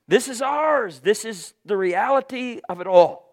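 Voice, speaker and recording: A man preaching a fervent sermon, moving between hushed low passages and loud, emphatic proclaiming with repeated phrases and bursts of praise. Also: lively intonation, unhurried. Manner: fervent, punctuated with praise exclamations.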